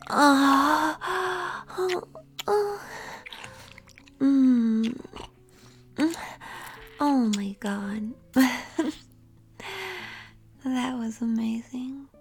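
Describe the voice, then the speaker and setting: Slow whispered role-play, young woman. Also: sits high, soft background music.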